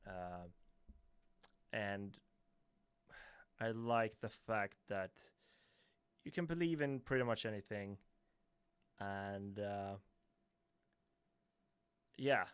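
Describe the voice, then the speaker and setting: A man's voice: on the low side, animated, drawn-out words, pauses often, smooth, dry recording. A man from Sweden with a Swedish accent answering viewers' chat questions on a casual livestream. He talks hesitantly, with many fillers, restarts and chuckles. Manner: hesitant, filler-heavy, self-correcting, chuckling.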